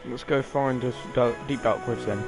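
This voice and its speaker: A man's voice: mid-range voice, steady tone, moderate pace, rough recording. A young man giving sweary, offhand let's-play commentary as a gaming streamer. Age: young adult. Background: game music.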